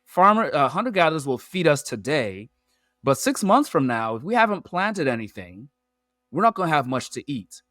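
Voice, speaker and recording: A man, a podcast guest who explains his points through lively analogies and metaphors. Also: on the high side, moderate pace, no echo. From Nigeria. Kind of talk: animated storytelling in an interview.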